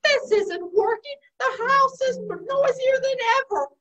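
A woman voicing a fretful female spider who complains in a high, whiny voice for a children's storytime. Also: measured pace, fairly bright tone. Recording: distant, dull lo-fi sound.

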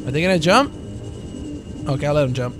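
Male gamer, casual commentary, lively up-and-down voice, slightly high, laughs a lot. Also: fairly quick. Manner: joking, swearing, laughing often, mock-scared. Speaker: let's play gamer. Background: game music and gunfire.

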